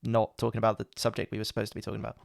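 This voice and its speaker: A man co-hosting a casual podcast chat, full of quick, teasing banter. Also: on the low side, completely flat delivery, vocal fry, no room sound, clean studio sound. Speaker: podcast co-host.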